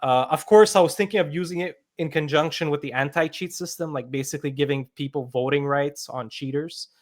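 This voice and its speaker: A man's voice: a little high, fairly quick. Man explaining his game design. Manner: explains at length with many fillers and restarts. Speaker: game founder. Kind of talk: interview answers.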